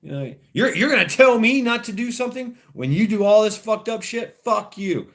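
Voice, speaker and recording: This man, perhaps in his thirties, has a high, slightly bright voice with lively intonation and a normal pace. He hosts a casual livestream, rambling profanely to his chat and laughing at his own jokes.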